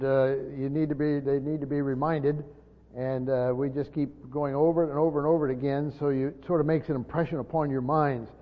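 An older man preaching a sermon in a teacherly way, repeating his points with many pauses and "uh" fillers. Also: on the high side. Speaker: pastor. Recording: dull lo-fi sound with long hall reverb.

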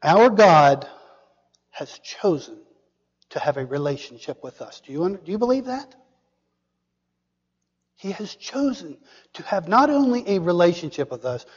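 A man preaching a sermon, asking the congregation questions and dropping to a hushed whisper for emphasis. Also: sits high, breathy edge, in a large hall, highs cut off. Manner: dramatic, drops to a hushed whisper for emphasis, asks the audience questions.

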